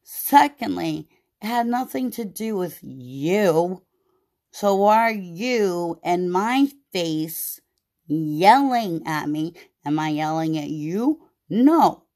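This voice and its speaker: A woman podcast host venting about her job in a casual, profane, animated way, with many "like"s. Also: fairly low pitch, slow. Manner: profane, animated storytelling with lots of "like".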